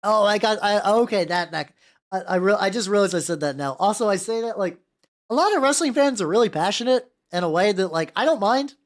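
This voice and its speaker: A woman's voice: mid-range voice, lively intonation, a little fast. Rambling, profane woman streamer. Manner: rambling, profane, self-interrupting with stammered restarts. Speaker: VTuber streamer painting miniatures. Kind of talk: casual livestream chat.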